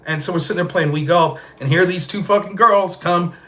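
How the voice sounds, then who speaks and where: A man in his forties hosting a podcast, telling a profane, animated story in a casual chat style. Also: sits high, fairly quick. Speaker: podcast host.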